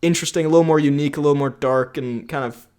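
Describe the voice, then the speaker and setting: A man's voice: on the high side, fairly even intonation, very fast, darkish tone, smooth. A young man co-hosting a podcast in casual chat, rambling and laughing often. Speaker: podcast co-host.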